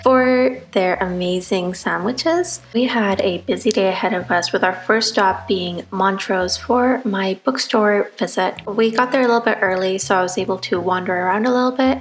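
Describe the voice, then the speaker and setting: A woman hosting a casual travel and art vlog, chatty and upbeat as she narrates her trip. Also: medium pitch. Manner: chatty and upbeat, with light laughs. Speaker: vlog host, children's book illustrator. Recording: roomy echo with light music behind.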